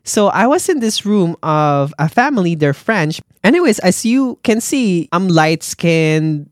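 A podcast host and healthcare worker reading listener stories aloud and reacting with animated exclamations, talking straight to the listeners. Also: medium pitch, no room sound, studio quality.

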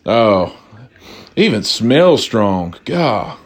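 A man's voice: fairly low pitch, big pitch swings, extremely slow, husky. A man hosting a casual drinking podcast, rambling and profane, cracking jokes and correcting himself, a little tipsy. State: tipsy from tequila. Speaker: podcast host.

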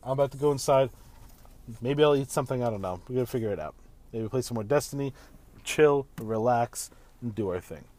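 A man's voice: mid-range voice, brisk, darkish tone, dry recording, low-quality recording. A man in his thirties hosting a casual solo podcast while driving home, rambling in a laid-back way and swearing freely. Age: 30s. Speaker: podcast host.

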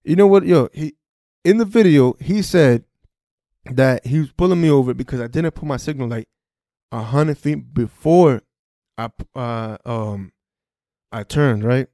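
A man telling a story on his podcast, casual and full of swearing, acting out both sides of the conversations. His voice is mellow and warm. The sound is close and dry. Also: medium pitch, a little slow, pauses often, no room sound. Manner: profane, animated, re-enacts dialogue. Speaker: podcast host.

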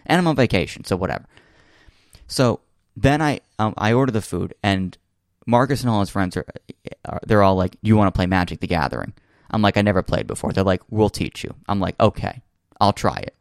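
A man's voice: sits low, creaky, no echo, clean studio sound. A young man casually telling a long funny story, full of fillers and restarts. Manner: rambling, many fillers and restarts, laughs while telling. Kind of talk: casual chat.

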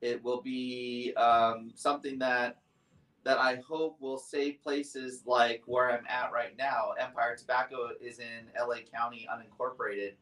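A man's voice: mid-range voice, little pitch movement, a little slow, pushed and bright. A man calling in to a podcast from a tobacco shop, chatty and rambling as he talks casually. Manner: chatty, rambling, laughs easily. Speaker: guest, product maker. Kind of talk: casual roundtable chat. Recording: roomy, distant from mic.

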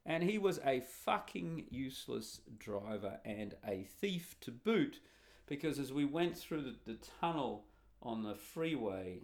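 A man's voice: on the low side, gravelly. A middle-aged man telling a long, rambling story in a blunt, sarcastic and profane casual monologue. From Australia.

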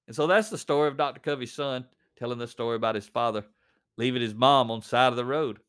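A man with a middle-pitched voice reads a story aloud, then talks it through conversationally. He mixes plain reading with casual asides and fillers. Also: fast talker, a bit bright, clean tone. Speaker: reader and commentator.

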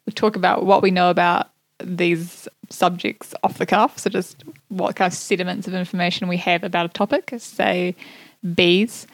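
A woman's voice: fairly low pitch, little pitch movement, normal speed, no echo. Playful woman co-hosting a podcast. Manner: playful, laughs often. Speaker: podcast co-host. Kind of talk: casual chat.

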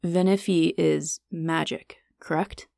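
A woman's voice: sits low, steady tone, takes it slowly, vocal fry, a little mellow, no room sound, clean studio sound, heavily acted. A woman reading the lines of a polite, slightly awkward young man who is earnest and apologetic. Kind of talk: audiobook character reading.

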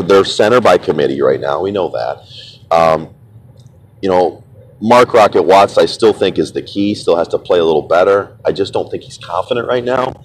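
A man's voice: low-pitched, low-quality recording. A man hosting a casual sports talk show, opinionated and chatty, often stumbling and repeating words and laughing as he teases.

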